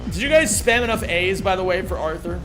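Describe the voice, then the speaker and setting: A young-sounding man chats with his stream while playing, his voice high and swinging widely up and down. He swears freely and reacts loudly when something surprises him. Faint music plays under his talk. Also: fairly quick. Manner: reads chat aloud, swears, excitable outbursts. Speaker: speedrunner streamer. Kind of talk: casual live-stream chat.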